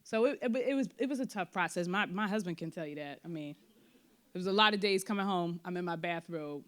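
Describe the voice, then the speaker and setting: A woman speaking candidly at a post-show talkback about her play, full of fillers and quick acted-out bits of her own thoughts. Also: on the low side. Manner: animated, frequent fillers, acts out quoted thoughts. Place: theater before an audience.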